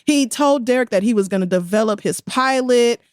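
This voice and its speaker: Woman cohost on a podcast, fired up and animated, dry close sound. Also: fairly high pitch, fairly quick, smooth, dry recording. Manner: animated, indignant storytelling with quoted voices. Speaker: podcast co-host. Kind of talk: casual podcast chat.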